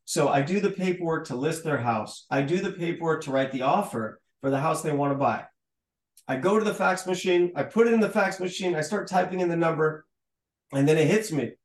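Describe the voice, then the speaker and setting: Guest storyteller, male, a touch high-pitched, acts out every exchange, roomy sound. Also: a little fast. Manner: animated storyteller who acts out dialogue, with stammered restarts. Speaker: podcast guest. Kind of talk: storytelling in a conversational interview. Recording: roomy, echoey room sound.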